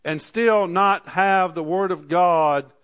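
A man preaching a sermon, reading scripture slowly and dropping his voice for asides. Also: a bit bright, clear, resonant tone. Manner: slows and rises for scripture readings, drops low for asides; archaic scripture readings, repeated "Amen". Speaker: pastor.

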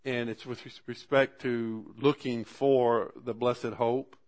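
A man preaching a sermon, talking through scripture in an earnest, conversational way, with swelling emphasis and drawn-out words at key moments. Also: medium pitch, little pitch movement, darkish tone. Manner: earnest, conversational asides to the congregation. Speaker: pastor.

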